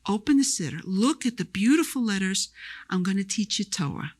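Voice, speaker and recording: An imposing old rabbi teacher, as a woman lecturer puts him on in a story. He coaxes his pupil patiently and chants each letter of the alphabet in a slow sing-song. His pitch sits in a middle range. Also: big pitch swings, darkish tone, no echo. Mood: coaxing.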